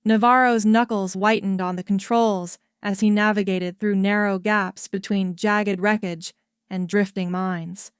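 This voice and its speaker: A woman narrates a sci-fi story at an unhurried, slow pace. Her voice is smooth and resonant, recorded close and dry with no room sound. The telling stays steady and even. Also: medium pitch, dry recording.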